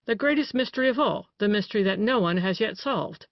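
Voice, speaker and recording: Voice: medium pitch, animated, brisk, no room sound, natural voice. Reader voicing an ironic, mocking male doctor. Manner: soothing, then sharply mocking. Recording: dry, dull lo-fi recording.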